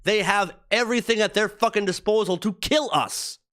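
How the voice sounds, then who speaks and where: A man's voice: sits high, normal speed, a bit bright. A man in his thirties rants on a live stream in a profane, heated, rambling way. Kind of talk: casual ranting live stream chat.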